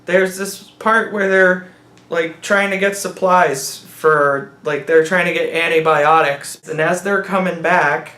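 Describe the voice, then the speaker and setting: Man, rambling mocking film review, fairly high voice, roomy echo. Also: fairly even intonation, slow, bright, forceful tone. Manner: rambling, mocking, acts out characters in silly voices. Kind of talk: sarcastic movie review rant.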